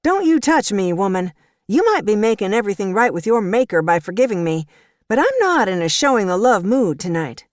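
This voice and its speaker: A woman voicing a feisty, sharp-tongued grown woman who scolds in a sassy drawl. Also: mid-range voice, big pitch swings, a little fast, dry recording, studio quality, lightly acted. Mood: scornful.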